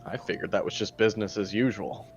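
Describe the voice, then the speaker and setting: A man playing a tabletop game in character, earnest and a bit formal in a deadpan way. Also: lowish voice, fast talker, soft background music. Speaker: player. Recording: dull lo-fi mic.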